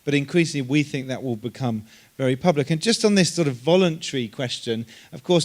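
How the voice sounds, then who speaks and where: A man speaks on a conference panel in a slightly high voice. He explains in a calm, measured way, pausing now and then on a filler.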